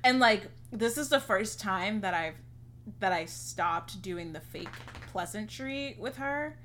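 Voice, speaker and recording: Bright-voiced young woman telling a story. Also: medium pitch, animated, takes it slowly, a little hiss or hum. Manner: chatty, heavy use of "like", acts out quotes. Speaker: podcast co-host. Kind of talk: casual storytelling chat.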